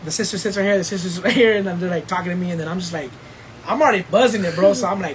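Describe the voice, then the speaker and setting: A man's voice: sits high, very fast, poor audio. A man hosting a podcast, telling a story in casual chat, full of slang and swearing and frequent laughter. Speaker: podcast host.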